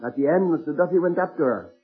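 Husky guy preaching, telling stories one after another, sounds like an old tinny tape. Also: fairly high pitch, soft background music. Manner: earnest anecdotal retelling with slowed emphasis. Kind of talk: sermon storytelling.

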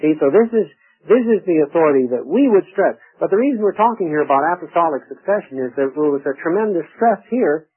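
A man with a somewhat high, husky voice teaches church history in a conversational way, tossing out rhetorical questions and restarting sentences. His voice comes through a thin, phone-like old radio broadcast. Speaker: Bible teacher.

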